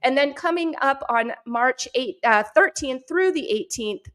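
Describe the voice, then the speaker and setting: A woman with a New Hampshire accent hosts a casual morning chat. Her voice sits a little high, and she talks in an upbeat, chatty way with easy laughter. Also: expressive, measured pace, a bit bright. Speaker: podcast host.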